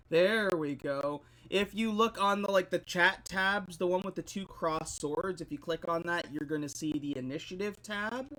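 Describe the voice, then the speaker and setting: A man's voice: high voice, normal speed, few pauses, pushed and bright. A man running a tabletop game as game master, chatty and laughing between lines.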